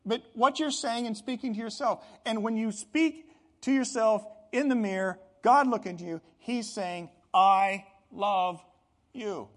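A man's voice: extremely high pitch, moderate pace, fairly bright tone. A middle-aged man preaching a sermon as pastor, earnest and building to emphatic bursts.

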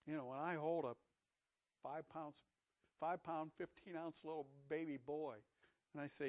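A man preaching a sermon, emphatic, swinging between raised passages and hushed, quiet ones. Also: fairly high pitch, fairly even intonation, moderate pace, long pauses. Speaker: pastor. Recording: tinny phone-like audio recording.

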